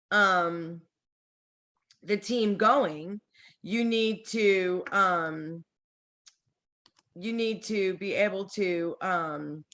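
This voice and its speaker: A woman with a middle-pitched voice giving a casual training talk over a computer mic on a video call. She sounds chatty and encouraging. She sometimes acts out sample conversations with her team. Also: fairly bright tone.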